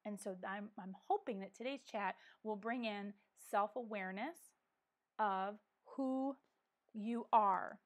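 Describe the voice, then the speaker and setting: A woman's voice: mid-range voice, unhurried. A middle-aged woman hosting a casual live coffee chat from home, talking earnestly with many restarts and ums, on a clip-on microphone. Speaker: vlog host. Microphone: wearing a microphone.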